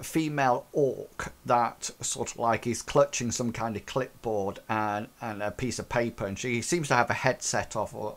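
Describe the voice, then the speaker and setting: A man narrating as game master of a tabletop game, rambling with many fillers. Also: mid-range voice.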